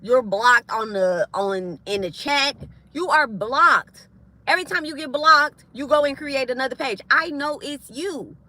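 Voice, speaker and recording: A woman's voice: high-pitched, a little slow, pushed and bright. A woman spiritualist ranting to her viewers on a livestream, heated, confrontational and profane. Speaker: spiritualist live streamer.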